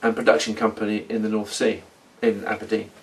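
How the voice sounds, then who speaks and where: A middle-aged man telling his story in a rambling, halting role-play monologue. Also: lowish voice, monotone, recorded from a distance. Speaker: former oil company manager in a role-play.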